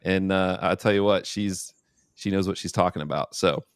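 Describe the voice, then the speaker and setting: Easygoing young male host, lowish dry voice, jokey and loose. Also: steady tone, moderate pace, smooth, dry recording. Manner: laid-back, joking, rambling. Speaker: podcast host. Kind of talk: casual podcast chat.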